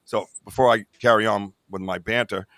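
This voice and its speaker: A man's voice: lowish voice, steady tone, moderate pace, a bit bright, dry recording, clean studio sound. A man hosting a podcast in casual chat, rambling with lots of "you know what I mean.". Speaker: podcast host.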